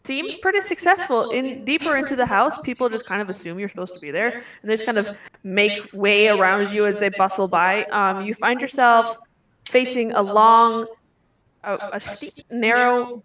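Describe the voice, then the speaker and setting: A woman's voice: medium pitch, a bit bright. A woman narrating a tabletop game as game master, rambling with frequent ums and restarts. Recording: roomy, distant mic.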